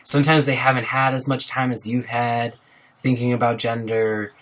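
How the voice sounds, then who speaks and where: A young man's medium-pitched, slightly bright voice comes across flat at a moderate pace. He's hosting a casual livestream, earnestly supporting his viewers and calling out their names.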